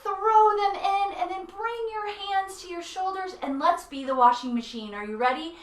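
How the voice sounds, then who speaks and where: A woman leading a children's yoga class, animated and playful, coaching in a sing-song way with sound effects. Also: very high voice, moderate pace, few pauses, far from the mic. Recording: echoey room, away from mic, faint music.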